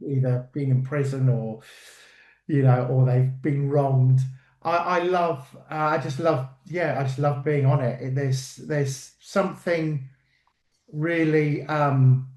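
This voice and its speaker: A man, a working actor, telling stories in a casual interview, lively and full of fillers and restarts. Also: medium pitch, slow, roomy sound. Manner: animated storyteller, acts out quotes, many fillers.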